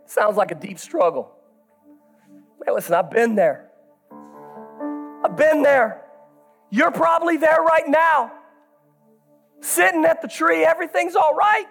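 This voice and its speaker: High-voiced impassioned male preacher. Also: expressive, measured pace, creaky, pauses often, faint music behind. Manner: impassioned, swings from hushed to shouting; folksy, talks straight to the congregation. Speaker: pastor. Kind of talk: sermon.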